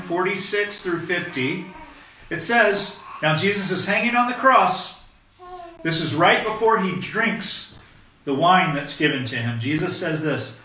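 Male pastor, slightly high, bright voice; conversational, emphatic sermon; distant mic, echoey hall. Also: a little hiss or hum. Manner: conversational, emphatic preaching with frequent "okay?" check-ins.

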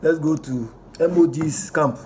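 A man with a Ghanaian accent giving casual vlog commentary, reading posts aloud in an animated way, mixing pidgin and English and chuckling often. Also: a little high, unhurried, background noise. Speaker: vlogger reacting to online posts.

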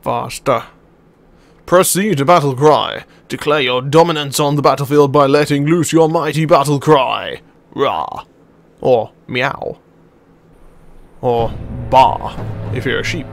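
A young man giving live commentary over his own gameplay, chatty and excitable, swearing and shouting at the players on screen. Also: medium pitch, takes it slowly, pauses often, dry recording. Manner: excitable, swears and yells at the game. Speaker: let's play commentator.

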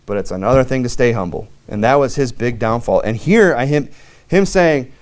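A young American man preaching a sermon, talking to his congregation like it's a conversation. He rambles a bit, restarts his sentences and fills the gaps with "you know," and his voice sits at an everyday middle pitch. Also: brisk, darkish tone. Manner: conversational, folksy preaching with frequent fillers and restarts. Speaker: pastor.

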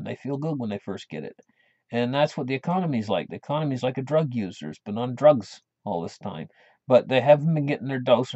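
A man's voice: medium pitch, a little mellow, no echo. A man hosting his own channel, talking in a casual monologue that rambles, with many restarts. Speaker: channel host. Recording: dull lo-fi dry recording.

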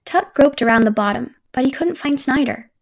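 A woman reading a children's picture book aloud in a gentle, even storytelling manner. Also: high voice, normal speed.

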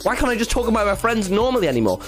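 An excitable young man talks on a livestream, his voice high and bouncing wildly up and down. He is loud and swears freely. Music plays behind him. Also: rapid-fire. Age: young adult. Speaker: streamer. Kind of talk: casual livestream chat.

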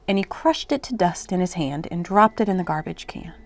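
A woman from a library reading a children's picture book aloud in a soft, measured storytelling manner. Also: on the low side, animated, no echo. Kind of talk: children's read-aloud narration.

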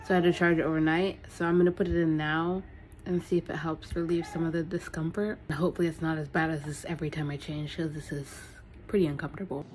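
A woman with a somewhat low voice chats her way through an unboxing, thinking aloud as she handles each item. New aligners give her a slight lisp. Faint clicks sit behind her voice. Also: level tone, fast talker, darkish tone, slight background noise. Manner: chatty, thinking aloud while handling items. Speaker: vlogger. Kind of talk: casual unboxing vlog.

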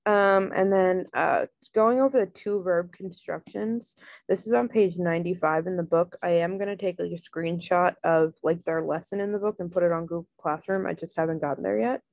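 Tutor: woman with a lowish, gravelly voice, relaxed and filler-heavy, dry close sound. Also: moderate pace, no room sound, lo-fi sound. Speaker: Spanish tutor. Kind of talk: casual online lesson.

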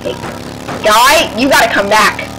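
A woman commentating her own gameplay, excitable and yelling at the game. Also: a little high, a little slow, poor audio. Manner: excitable, shrieks and yells at the game. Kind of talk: let's play commentary. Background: game music.

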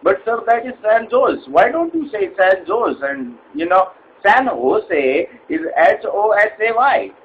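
A man's voice: high-pitched, big pitch swings, a little slow, hardly any pauses, phone-quality sound, a little hiss or hum. A man playing a polite Indian call center agent. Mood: politely formal. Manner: polite, formal, hesitant with fillers. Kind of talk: comedy sketch.

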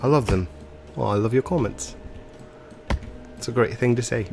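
A man's voice: medium pitch, normal speed, creaky, background noise. A man with a stuffy, congested nose, commentating a video game in a put-on English accent and hesitating with ums and self-corrections. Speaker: let's play host.

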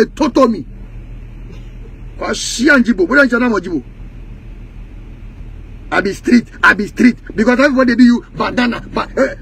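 A man's voice: very high-pitched, vocal fry, husky. A man from Ghana with a Ghanaian Pidgin English accent, delivering a heated, mocking rant that slips into sing-song taunting chants. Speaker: music industry commentator.

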